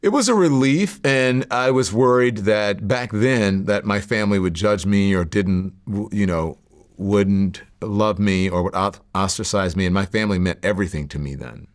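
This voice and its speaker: A middle-aged man telling his life story in a sit-down interview, reflective and halting, with many fillers and restarts. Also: lowish voice. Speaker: interview guest.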